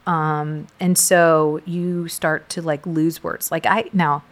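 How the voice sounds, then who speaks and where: A middle-aged woman from South Texas, telling her story in a casual conversation, animated and full of fillers. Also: low voice, takes it slowly. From South Texas, USA. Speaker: guest sharing her story.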